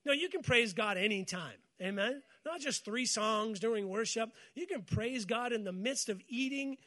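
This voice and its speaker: High-voiced pastor preaching with humor. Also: male voice, moderate pace, bright, forceful tone. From United States. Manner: call-and-response with congregation, storytelling with humor. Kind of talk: sermon.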